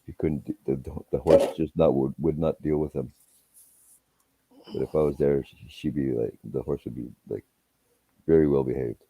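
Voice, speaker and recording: A man's voice: rumbling low, steady tone, normal speed, pauses often, dark tone, slightly rough, no room sound. A man telling rambling, profane anecdotes in casual chat. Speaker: storyteller.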